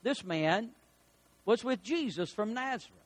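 Animated man preaching a sermon. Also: high voice, a little slow. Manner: animated preaching with folksy anecdotes. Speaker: pastor.

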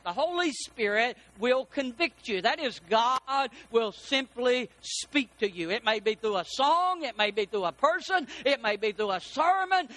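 A middle-aged preacher man delivers a sermon. His voice sits high and sounds bright and forceful. He slows right down to lean on key words and acts out the people in his stories. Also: lively intonation, dry recording, low-quality recording. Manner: preaching with storytelling, slow emphatic stresses, quoted dialogue. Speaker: pastor.

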